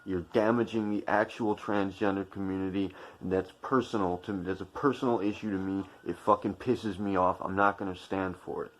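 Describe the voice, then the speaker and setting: Man, deep voice, angry profane commentary rant, lecturing viewers. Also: fairly even intonation, brisk, few pauses. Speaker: channel commentator. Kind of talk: heated opinion monologue.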